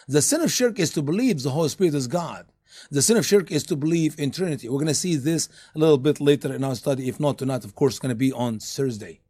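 A man teaching a church study group, emphatic and sarcastic, pushing his voice up into loud peaks. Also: fairly high pitch, breathy edge.

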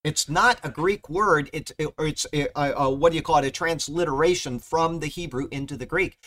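A man's voice: fairly high pitch, normal speed, a bit bright. A male pastor teaching a Bible study verse by verse, emphatic, stressing key points and checking in with the class. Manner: emphatic, repeats "okay?" to the class, rises sharply on key points.

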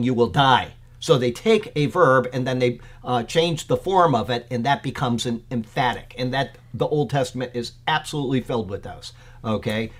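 A man, a pastor, giving an informal Bible commentary in a conversational way, with many fillers, getting excited as he talks. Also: mid-range voice.

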